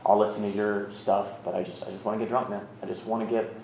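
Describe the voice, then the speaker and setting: A man's voice: lowish voice, little pitch movement, fast, a little mellow, slight background noise. A man in his thirties telling his own recovery story in a candid, rambling, self-mocking way. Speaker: speaker sharing a recovery story. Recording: roomy, slightly muffled recording.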